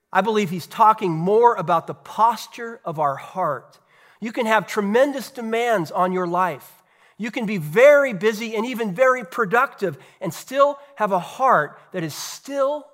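A man, a pastor, preaching a sermon earnestly, with rhetorical questions and dramatic pauses. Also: sits high, fairly bright tone.

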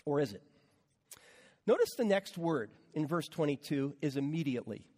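A man's voice: on the high side, big pitch swings, moderate pace, darkish tone, long reverb tail. A man preaching a conversational sermon as a pastor, with repeated words and casual asides to the congregation.

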